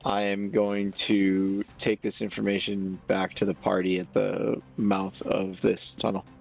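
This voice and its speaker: A man playing a tabletop game, planning his moves calmly and deliberately. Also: lowish voice, gravelly, lo-fi sound, faint music behind. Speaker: player. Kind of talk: casual tabletop play.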